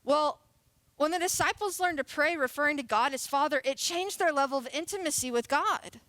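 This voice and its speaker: A woman's voice: high-pitched, a little fast, a bit bright, no room sound. A woman in her late twenties giving a casual, playful sermon as a youth pastor. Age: 20s. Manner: casual, chatty and playful, laughing often.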